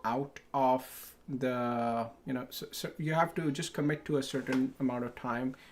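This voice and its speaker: A man of middle pitch whose first language is Punjabi, speaking as a business-owner guest on a live stream. He keeps it relaxed and conversational, often tagging his points with a quick "right?". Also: slight background noise. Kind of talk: casual conversation.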